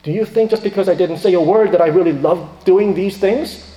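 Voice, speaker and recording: Guy giving a sermon, high mellow voice, roomy echo, gets loud then drops low. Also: brisk. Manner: dramatic, rising to loud emphatic questions and dropping to quiet asides. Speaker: preacher. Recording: echoey reverberant hall.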